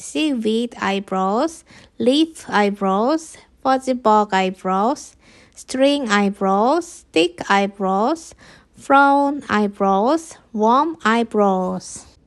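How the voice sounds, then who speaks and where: A woman, a teacher reading an English picture book aloud to children, slowly and clearly. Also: a little high. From Korea. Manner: slow, clear and expressive.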